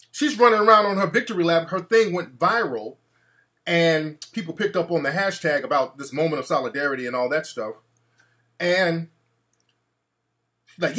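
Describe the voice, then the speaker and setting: A man's voice: fairly high pitch, lively intonation, moderate pace, a bit bright. A male talk show host ranting in a brash, profane, mocking way.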